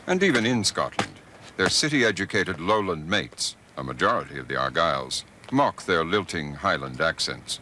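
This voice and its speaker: A middle-aged man narrating a documentary as host, measured and expressive. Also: sits low, slight background noise. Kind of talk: scripted narration.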